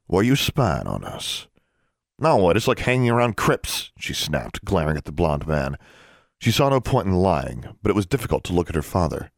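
A man reading a fantasy audiobook with expressive, varied narration. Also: low voice, dry recording. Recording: dry close studio sound.

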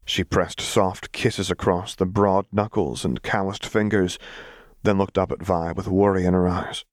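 A man narrating a fan fiction audiobook in a steady, unhurried storytelling manner. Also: low voice, dry recording, clean studio sound.

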